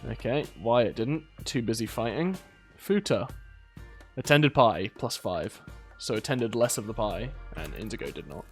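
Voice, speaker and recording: Lively rambling British man narrating a game. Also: mid-range voice, normal speed. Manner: rambling, exasperated scolding of game characters. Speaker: gaming video host. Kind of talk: casual gameplay commentary. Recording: faint game music behind.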